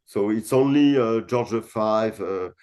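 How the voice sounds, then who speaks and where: A man's voice: fairly low pitch, measured pace, a little mellow. A middle-aged man from France with a French accent, a winemaker guest talking casually with many fillers and blunt swearing. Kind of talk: casual interview chat.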